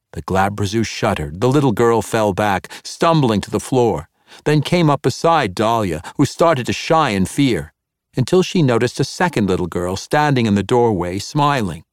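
A man narrating a fantasy audiobook in a measured, expressive reading. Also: on the low side, no echo, clean studio sound.

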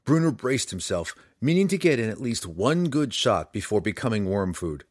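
A man narrating a fantasy adventure audiobook in an expressive, dramatic storytelling manner. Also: on the low side, normal speed, no room sound, studio quality.

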